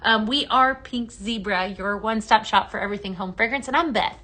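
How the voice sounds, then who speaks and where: A woman's voice: medium pitch, brisk, bright, forceful tone. A woman hosting a casual home-product livestream, chatty and upbeat, greeting viewers by name as she reads their comments. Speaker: livestream shopping host.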